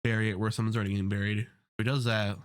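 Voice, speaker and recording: A man's voice: lowish voice, little pitch movement, racing, clear, resonant tone, no echo, studio quality. A young man casually recapping TV episodes, rambling and filling his talk with "like" and "you know". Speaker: show recap host.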